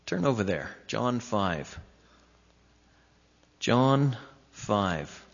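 Man, preacher, unhurried expository sermon, emphatic rises, muffled lo-fi sound. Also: big pitch swings, creaky. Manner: emphatic, drawn-out phrasing with sudden rises in pitch. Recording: dull lo-fi recording in a reverberant hall.

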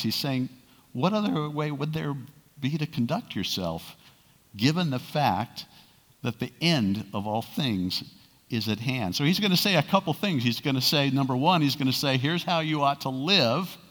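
A man with a mid-range voice preaches a sermon in a reverberant hall. This pastor keeps it conversational, asking rhetorical questions. The large hall gives the recording a long reverb.

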